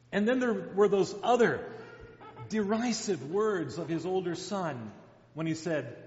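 Slow high-voiced preacher in an echoey hall. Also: male voice, animated. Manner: dramatic storytelling, voicing quoted characters. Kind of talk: sermon. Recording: echoey hall, dull sound.

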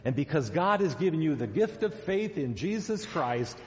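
A man giving a children's sermon as pastor, gently asking the children questions and coaxing answers. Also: fairly high pitch, very animated, normal speed. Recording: dull sound in a long-echo church hall.

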